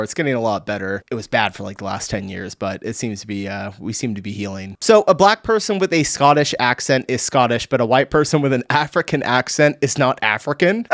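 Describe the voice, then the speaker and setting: Brief: relaxed male host reacting to clips, easy laughs, very dry close sound. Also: mid-range voice, dry recording. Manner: laid-back, laughs often, reads comments aloud. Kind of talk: casual reaction commentary.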